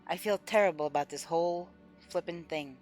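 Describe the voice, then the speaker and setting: A woman's voice: lowish voice, brisk, a little mellow, soft background music. A woman live-streaming a game, chatting casually with her viewers and openly voicing her frustration.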